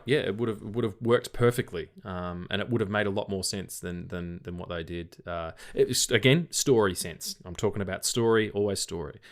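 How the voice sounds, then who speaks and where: A tired man with an Australian accent, co-hosting a casual film podcast, rambling and swearing offhandedly. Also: on the low side. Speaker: podcast co-host.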